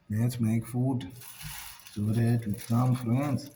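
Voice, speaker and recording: A man's voice: mid-range voice, little pitch movement, takes it slowly, warm tone, slight background noise. A man hosting a casual cooking vlog, talking playfully and chanting repeated words as he cooks. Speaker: cooking vlogger.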